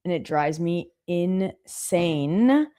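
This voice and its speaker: Low-pitched woman in her thirties, chatty co-host, tells lively anecdotes. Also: extremely slow. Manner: animated storyteller, mimics her husband. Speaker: co-host of a live trading stream. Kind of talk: casual chat.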